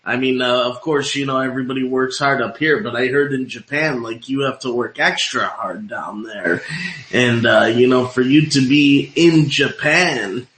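A man's voice: medium pitch, moderate pace, fairly bright tone. A man hosting an interview, rambling and padding his questions with fillers. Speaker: interview host. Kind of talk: radio-style interview. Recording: roomy echoing room.

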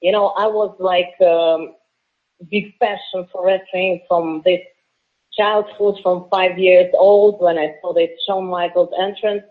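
A woman in her late twenties from Russia with a Russian accent, a wrestler answering interview questions earnestly with halting fillers, heard over a tinny phone line. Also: fairly low pitch, fairly even intonation. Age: late 20s. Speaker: professional wrestler guest.

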